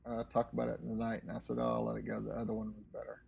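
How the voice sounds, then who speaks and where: A man's voice: medium pitch, monotone, very fast, vocal fry, darkish tone, breathy edge, low-quality recording. A man co-hosting a casual talk show, reading news articles aloud in a dry, matter-of-fact way with offhand asides. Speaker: co-host reading news stories.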